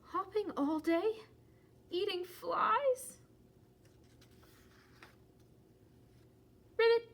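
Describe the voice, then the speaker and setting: A woman's voice: very high voice, full character voice. A woman voicing an anxious, cautious male elephant in a children's storybook read-aloud. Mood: panicked. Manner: worried, fretful, rises to loud alarm.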